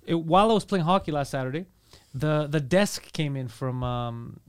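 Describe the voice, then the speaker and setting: A man hosting a podcast in casual chat, telling stories in an animated way and swearing freely. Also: on the high side, moderate pace, clear, resonant tone. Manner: profane, animated storytelling. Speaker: podcast host.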